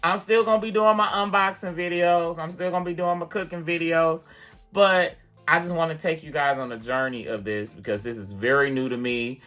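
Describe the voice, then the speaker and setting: A man vlogging, chatty and animated as he tells a personal story to the camera, full of casual fillers. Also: a little high, fairly quick, faint music behind. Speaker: vlogger and piano teacher.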